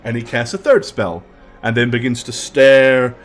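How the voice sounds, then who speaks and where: A man's voice: mid-range voice, steady tone, unhurried, faint music behind. A man narrating a live tabletop game as dungeon master, casual and full of fillers.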